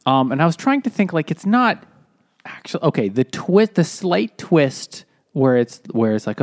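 A man's voice: on the high side, sing-song, moderate pace. A man co-hosting a casual chat, giving a review in a hesitant, rambling way with lots of restarts. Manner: hesitant, rambling, self-correcting. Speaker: podcast co-host.

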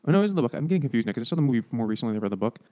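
A man talks fast and loose in a casual podcast chat. His voice is dark and mellow. He keeps tossing in puns and jokey asides. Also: medium pitch, expressive. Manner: joking, quick asides and puns. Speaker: podcast co-host.

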